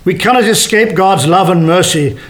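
A man preaching a sermon to a congregation, with animated delivery that slows down for emphasis. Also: high-pitched. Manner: animated, varied delivery with slowed emphatic phrases. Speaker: pastor.

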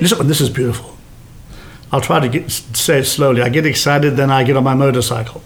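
A man preaching a sermon to a congregation, with animated delivery that slows down for emphasis. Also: medium pitch. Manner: animated, varied delivery with slowed emphatic phrases. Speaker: pastor.

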